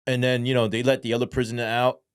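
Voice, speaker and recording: A former police sergeant, a man, telling his story as an interview guest in animated, profane street slang. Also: mid-range voice, fast talker, clear, resonant tone, no echo, studio quality.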